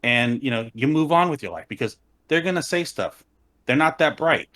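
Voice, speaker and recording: A man's voice: medium pitch, lively intonation, moderate pace, a bit bright. A man on a podcast panel, talking about cosplay in a wry, opinionated, casual way.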